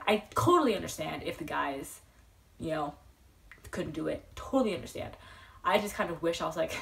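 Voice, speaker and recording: A woman's voice: fairly low pitch, normal speed, creaky. Rambling young woman vlogger, slightly distant. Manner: rambling, filler-heavy, excitable. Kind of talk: casual storytelling. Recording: voice a bit far from the mic.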